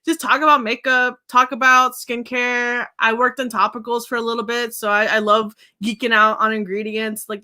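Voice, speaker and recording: A woman's voice: a little high, sharp tone. A young woman hosting a casual beauty livestream, rambling effusively to her viewers and laughing often.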